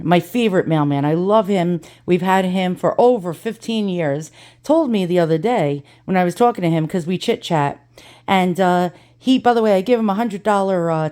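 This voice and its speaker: A middle-aged woman vlogger with a warm, lowish voice rants casually while unboxing items. She tells a story along the way, speaking bluntly and with plenty of profanity.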